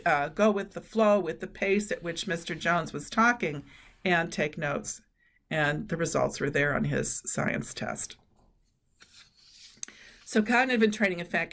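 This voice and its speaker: Middle-aged woman, webinar presenter, earnest explanatory talk, lowish voice, gravelly texture. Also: fairly bright tone. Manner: earnest, explanatory, with fillers and quoted anecdotes. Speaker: presenter on cognitive training.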